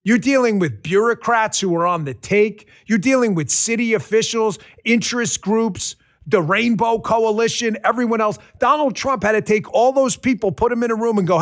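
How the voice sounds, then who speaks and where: A middle-aged man, hosting a political podcast with an emphatic, animated storytelling manner. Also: sits high, normal speed, few pauses. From New York. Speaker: podcast host. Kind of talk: political commentary monologue.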